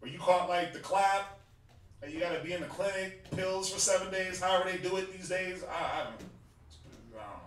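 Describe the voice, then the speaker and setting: A man's voice: high-pitched, moderate pace. A man with a Southern US accent teaching a religious class in a casual, joking, conversational way, laughing often and using slang. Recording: echoey room, mic far off, faint hiss.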